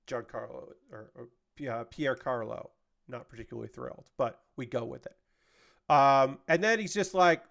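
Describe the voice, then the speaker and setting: A man's voice: medium pitch, normal speed, creaky, fairly bright tone. A man casually chatting with his stream audience while building a model kit, rambling as he works. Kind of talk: casual chat on a livestream.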